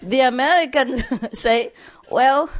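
There's slight background noise as a woman with a somewhat high voice slowly tells jokes to an audience. She plays out the characters' lines in their own voices and laughs through the punchlines.

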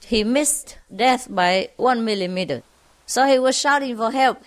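Woman storyteller, unhurried joke-telling, slightly high voice, chuckles a lot. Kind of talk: telling jokes to an audience.

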